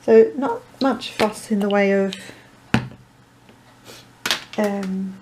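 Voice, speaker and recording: A woman's voice: mid-range voice, drawn-out words, background noise. A woman chatting her way through a card-making tutorial, rambling with self-deprecating asides and muttering to herself. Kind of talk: crafting tutorial chat.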